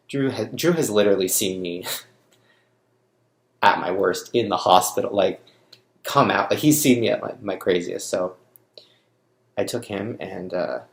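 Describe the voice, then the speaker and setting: A young man speaks straight to camera in a personal vlog, shaken by grief. His voice sits low with a gravelly fry, and his sentences break off and restart. The sound bounces around a roomy space. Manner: grieving, halting, restarts often. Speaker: vlogger.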